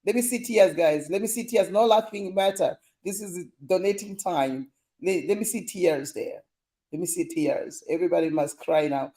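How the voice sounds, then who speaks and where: High-voiced, playful man live-streaming. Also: normal speed, dark tone. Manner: playful, teasing, laughs often. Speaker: livestream host reading viewer comments. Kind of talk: casual live-stream chat.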